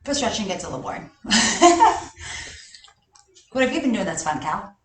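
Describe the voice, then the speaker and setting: Coaching a live online gymnastics session, a woman with a mid-range voice, big pitch swings, and a moderate pace counts reps cheerfully and laughs softly between exercises. The camera is far off in a large, echoey gym, so she sounds distant, with a little hiss or hum.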